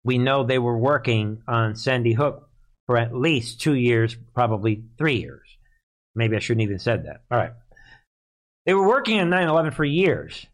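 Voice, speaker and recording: A man hosts a live political commentary stream, speaking at an ordinary middle pitch and normal speed. He's expressive, with a sarcastic, scoffing delivery.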